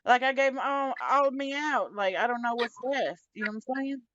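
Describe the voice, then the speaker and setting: A woman's voice: sits high, fairly quick, fairly bright tone, no room sound. A woman, talking casually in a rambling, reflective way. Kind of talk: casual chat. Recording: dull, lo-fi sound.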